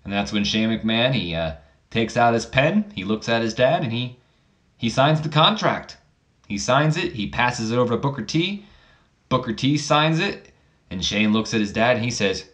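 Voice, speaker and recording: A man's voice: medium pitch, animated, normal speed, a bit bright. A man casually narrating a wrestling sim playthrough in a rambling, self-deprecating way. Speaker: channel host.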